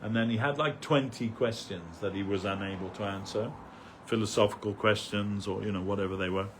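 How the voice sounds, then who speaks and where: A man's voice: fairly low pitch, fairly even intonation, fairly quick, noisy background. An older man giving a rambling, anecdotal remembrance talk as a devotee speaker at a temple festival, with many fillers, restarts and chuckles.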